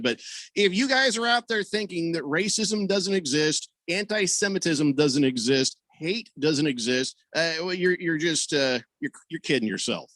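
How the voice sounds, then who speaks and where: A man hosting a sports radio talk show, telling stories in a lively way and voicing the people he quotes. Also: dry recording. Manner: animated storyteller, voices quoted people with big pitch jumps. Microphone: studio microphone over video call.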